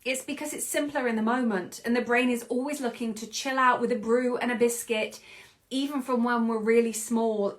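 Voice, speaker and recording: Expressive British woman, slightly high voice. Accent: British English. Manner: expressive, acts out quoted voices, laughs often. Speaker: podcast host. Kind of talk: reflective personal monologue.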